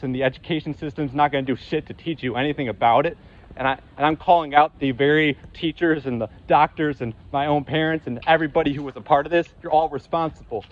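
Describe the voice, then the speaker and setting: Male vlogger, heated profane rant, stumbling restarts, mid pitch, muffled recording. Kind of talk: angry monologue to camera.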